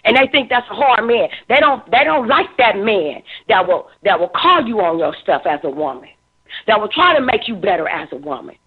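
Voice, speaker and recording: In a medium-pitched, sing-song, slightly rough voice at a moderate pace, a fifties-aged talk show commentator lays out emotional social commentary. She presses her points emphatically and preachily, repeating words when stirred, on a tinny phone-like line.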